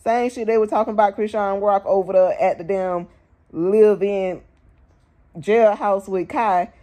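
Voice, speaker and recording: A woman's voice: mid-range voice, steady tone, a little slow, warm tone. A young woman vlogger giving blunt, slangy opinion commentary, firing off rhetorical questions.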